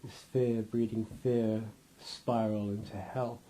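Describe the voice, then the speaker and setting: A man's voice: fairly low pitch, flat delivery, slow pace, warm tone. A man giving a loose, rambling interview, restarting his sentences and acting out little scenes with laughter.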